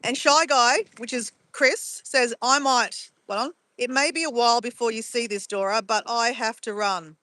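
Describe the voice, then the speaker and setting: A woman's voice: on the high side, moderate pace, few pauses, bright, forceful tone, no room sound. A woman streaming live from her phone outdoors at sunrise, chatting casually and reading out viewers' messages. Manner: chatty, greets viewers by name and reads chat aloud.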